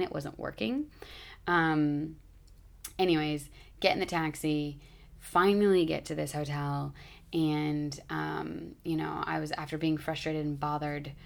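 A woman's voice: sits low, gravelly. A woman in her thirties telling a travel story in a chatty, rambling way, full of "like" and "you know.". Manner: rambling, chatty, lots of "like" fillers. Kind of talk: casual storytelling vlog.

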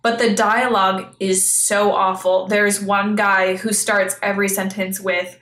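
A woman co-hosts a podcast in casual, blunt, sarcastic chat. Her voice is bright and forward. The room around her is echoey. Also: medium pitch, fairly even intonation, a little slow, few pauses. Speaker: podcast co-host.

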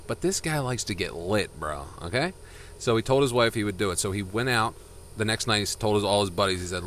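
A man's voice: fairly low pitch, lively intonation, fairly quick, a bit bright, slight background noise. A man co-hosting a casual podcast, telling a long joke animatedly and slipping into voices for its characters. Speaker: podcast co-host.

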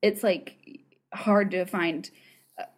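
A woman's voice: fairly low pitch, fairly even intonation, slow. An American woman chatting casually as a co-host, rambling along with plenty of fillers and restarts. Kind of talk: casual chat.

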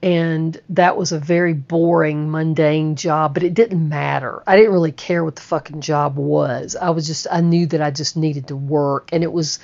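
A woman telling a personal recovery story in a slow, halting way, often repeating words. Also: low voice, fairly even intonation, a little mellow. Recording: muffled lo-fi recording.

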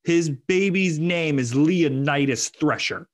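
A podcast co-host on a comedy show chats casually, laughing frequently and using many fillers. His voice is a little high and his pace slow.

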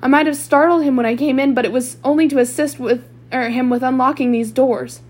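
A woman's voice: high voice, fairly even intonation, fairly quick. A woman voicing a cunning man who insists on his innocence in a read-aloud novel, with a slightly raised voice. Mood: insistent. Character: cunning man bluffing through pain.

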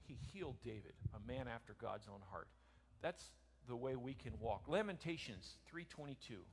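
A man teaching a Bible lesson as a sermon, reading scripture slowly and preaching with big swings from loud to soft. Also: on the high side. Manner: reads scripture slowly in King James wording.

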